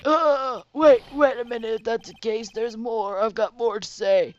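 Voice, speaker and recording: A woman's voice: fairly high pitch, steady tone, measured pace, darkish tone, muffled recording, pitched above the performer's own voice, lightly acted. A woman doing a stammering old man witness. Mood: insistent. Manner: stammering, pleading. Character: flustered old male witness, rambling. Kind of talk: let's play character voice.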